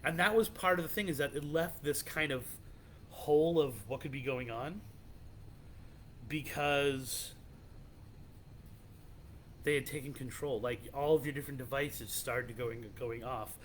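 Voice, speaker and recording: A man's voice: medium pitch, measured pace, long pauses, a bit bright, slight background noise. Rambling man telling a spooky legend. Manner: rambling, loose, many restarts and "like". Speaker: podcast host. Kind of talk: casual storytelling of legends.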